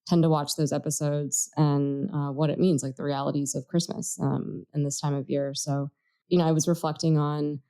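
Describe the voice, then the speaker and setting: Woman podcast cohost, low warm voice, earnest and thinking out loud. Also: flat delivery, normal speed, clean tone. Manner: earnest, reflective, thinks aloud. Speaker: podcast co-host. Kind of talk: casual political chat.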